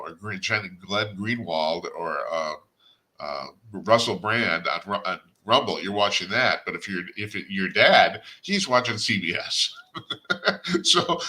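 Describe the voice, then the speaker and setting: A man's voice: on the low side, pushed and bright. An older man hosting a talk radio show, giving a blunt, rambling opinion monologue with chuckles and restarts.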